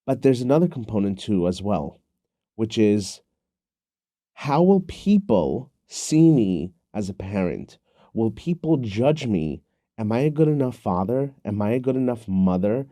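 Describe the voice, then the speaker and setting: A male podcast host tells a story and asks questions in an earnest, conversational way. His voice is very dark and warm. The recording is dry and close, with no room sound. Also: on the low side, sing-song, a little slow, no echo.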